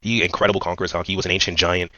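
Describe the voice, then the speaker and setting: A man's voice: deep voice, little pitch movement, racing, bright, forceful tone, no room sound, lo-fi sound. A man giving a casual, rambling recap of a manga chapter, full of fillers and slang. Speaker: manga commentator.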